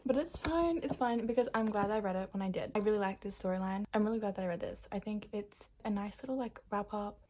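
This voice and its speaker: A young woman chatting casually in a reading vlog, gushing about books with lots of fillers and quiet whispered asides. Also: medium pitch, noisy background. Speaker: book vlogger.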